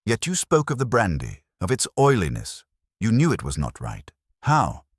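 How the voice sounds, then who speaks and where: A man's voice: on the low side, wildly swooping pitch, moderate pace, husky, no room sound, clean studio sound, pitched above the performer's own voice, exaggerated voice. A man reading a shrewd, courteous detective who questions with polite persistence. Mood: probing.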